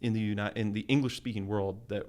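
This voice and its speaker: Low-voiced man telling a lively story. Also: fast. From Canada. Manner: animated storyteller, acts out quoted voices with laughs. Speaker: guest entrepreneur. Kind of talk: casual storytelling interview.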